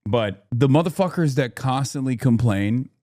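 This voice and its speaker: A man ranting on his live stream, heated and profane, swinging between loud outbursts and low mutters. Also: animated, moderate pace.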